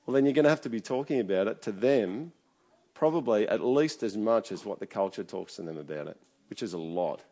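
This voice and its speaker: A man's voice: lowish voice, expressive, a little fast, mellow. A middle-aged man preaching a conversational sermon, often checking in with his listeners. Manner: chatty, keeps checking in with the congregation. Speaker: pastor.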